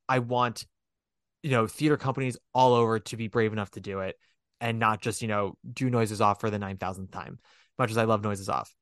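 A man chatting casually as a podcast host, rambling and animated, with a self-deprecating, frank manner. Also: medium pitch, dry recording, clean studio sound. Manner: swears casually. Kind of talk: casual chat.

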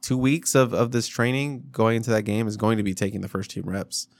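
A man's voice: lowish voice, fairly quick, no room sound. A man co-hosting a podcast, rambling loosely through a casual sports chat with lots of fillers and restarts. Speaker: podcast co-host.

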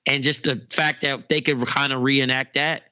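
A man's voice: mid-range voice, level tone, normal speed, pushed and bright. A man chatting casually on a podcast, making short, offhand remarks. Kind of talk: casual chat.

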